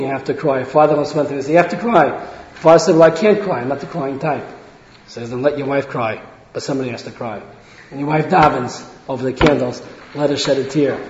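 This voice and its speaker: A man's voice: a little high, a little mellow. A man giving an earnest talk on parenting to an audience, often restarting phrases and acting out quoted speech. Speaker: religious lecturer. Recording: roomy hall, dull lo-fi sound.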